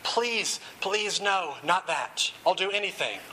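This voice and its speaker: A man's voice: sits high, expressive, slow pace, sharp tone, slight background noise, voice pushed up, exaggerated voice. A man voicing an old male wizard in agony, begging and crying out as the story is read aloud. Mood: pleading. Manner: begging, anguished cries.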